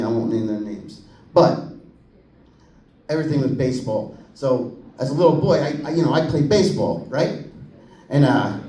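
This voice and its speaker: A man doing a stand-up comedy set, telling crude stories and acting out voices. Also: high voice. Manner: crude, animated storytelling with acted-out voices. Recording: echoey room, mic heard from a distance.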